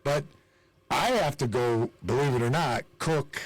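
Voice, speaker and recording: A man's voice: mid-range voice, a little slow, no room sound. A middle-aged man hosting a casual bar-talk podcast, laid-back and agreeable as he chats with an old friend. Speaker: podcast host.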